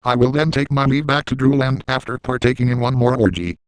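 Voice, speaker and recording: A boastful middle-aged villain, voiced by a man, gloats through a first-person comic monologue. His tone is smooth and clean, and the recording is dry and close with no room sound. He stays gleeful and self-satisfied throughout. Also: medium pitch, fairly quick, dry recording, lightly acted, poor audio.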